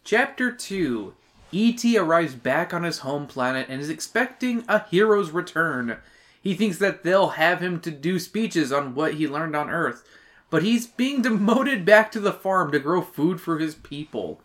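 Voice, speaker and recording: A man reading out chapter summaries on a casual podcast, breaking off for crude jokes and plenty of swearing. His pitch swings up and down a lot as he talks. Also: lively intonation, a little slow, a bit bright. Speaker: podcast co-host. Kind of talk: casual book-review chat.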